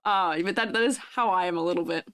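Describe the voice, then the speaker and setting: A young adult woman VTuber streamer with a high, youthful-sounding voice, chatting with viewers in a bubbly, giggly way. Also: fast, fairly bright tone, clear, resonant tone, no room sound, studio quality. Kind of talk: casual live-stream chat.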